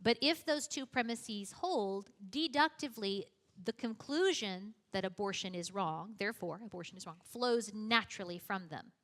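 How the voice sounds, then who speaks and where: A woman's voice: medium pitch, moderate pace, hardly any pauses, fairly bright tone. A young woman giving a conversational teaching talk, chatty and self-deprecating, with frequent casual asides. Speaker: youth apologetics teacher.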